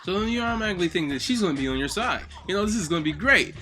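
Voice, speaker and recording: A man hosting a gaming video, giving an excitable, heavily profane casual ranking commentary. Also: sits high, racing, faint music behind. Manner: acts out game lines in loud bursts.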